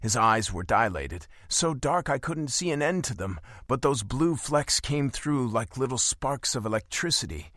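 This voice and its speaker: Guy narrating an audiobook, mid pitch, super dry close mic, intimate and expressive. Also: normal speed, hardly any pauses, no echo. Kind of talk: scripted first-person audiobook narration.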